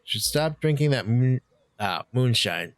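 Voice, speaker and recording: A man voicing a fierce, tough woman in a narrative game, speaking low and threatening. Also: animated, unhurried, natural voice. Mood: menacing.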